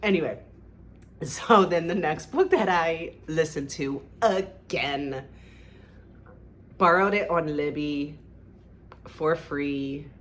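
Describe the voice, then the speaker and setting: Gushing low-voiced woman book vlogger. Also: slow, pauses often, fairly bright tone. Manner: gushing, rambling, many "like"s. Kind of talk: casual book review chat.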